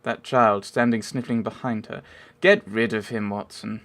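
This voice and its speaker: A man voicing a cold, dismissive Victorian detective in a curt, quiet tone, dubbing a silent game cutscene. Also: fairly low pitch, steady tone, normal speed. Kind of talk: amateur dub over a silent game cutscene.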